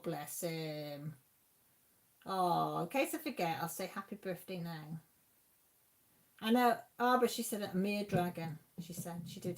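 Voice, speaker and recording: Chatty woman hosting a craft live stream. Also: fairly low pitch. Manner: chatty, exclaiming, talks to the chat. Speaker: craft channel host reading live chat. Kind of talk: casual live-stream chat.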